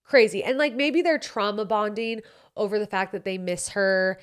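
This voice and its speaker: A woman's voice: mid-range voice, normal speed, smooth. A woman in her late twenties with a Utah accent, hosting a podcast and giving blunt, sassy advice, swearing freely. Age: 20s. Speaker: podcast host. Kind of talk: casual advice chat.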